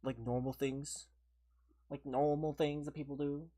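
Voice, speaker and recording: A woman's voice: deep voice, little pitch movement, unhurried, warm tone. A woman chatting casually on her gaming livestream, venting in an exasperated way and saying "like" a lot. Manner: venting, exasperated, heavy use of "like". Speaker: livestream gamer.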